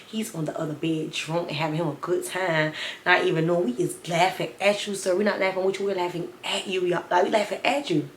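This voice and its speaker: A woman's voice: lowish voice, steady tone, fast, slight background noise. A woman vlogger chatting through a story time, rambling and talking straight to her viewers. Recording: roomy, echoey room.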